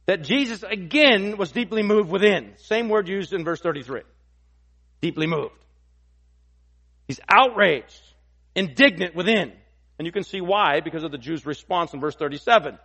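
A pastor preaching an expository sermon, emphatic and repeating key phrases for weight. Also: male voice, high voice, bright, forceful tone.

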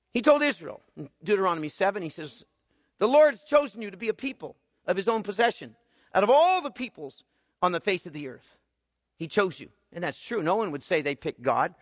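Bright, high-voiced man preaching in a hall. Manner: swings from quiet explaining to loud emphatic bursts. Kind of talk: expository sermon. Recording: muffled sound with long hall reverb.

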